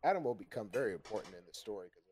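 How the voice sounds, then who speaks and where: A man with a fairly low voice tells a long story in rapid-fire casual chat on a stream, with slight background noise. He's profane and animated, swearing freely and laughing often.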